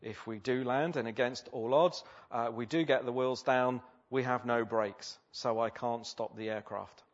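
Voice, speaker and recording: A composed male airline pilot delivers cabin announcements in a formal, level tone, as a preacher quotes him. His voice sits in an ordinary middle pitch. The recording is slightly dull and lo-fi. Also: fairly even intonation, measured pace, hardly any pauses, lightly acted. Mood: calm announcing.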